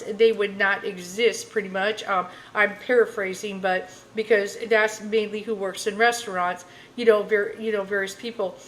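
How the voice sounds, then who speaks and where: A woman's voice: mid-range voice, low-quality recording. A woman tarot reader talking to camera in a casual, rambling rant, blunt and full of filler phrases.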